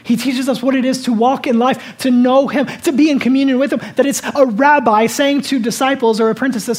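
A pastor giving a sermon in a conversational style, asking the listeners many rhetorical questions and moving between loud, urgent lines and soft, hushed ones. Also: high-pitched, fairly even intonation, fairly quick, hardly any pauses.

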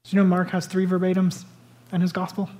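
A man preaching a sermon as a pastor, retelling stories dramatically, swinging between loud bursts and hushed whispers. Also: high-pitched, completely flat delivery, quick pace.

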